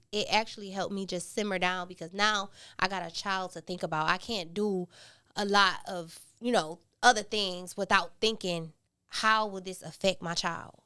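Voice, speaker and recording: A woman's voice: lowish voice, pushed and bright, smooth. A woman in her thirties, a podcast guest talking candidly and animatedly in a casual conversation.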